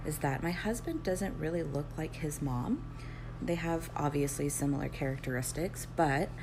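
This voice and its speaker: A mother telling an earnest, measured story and quoting dialogue in a casual storytime. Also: low-pitched, creaky, noisy background.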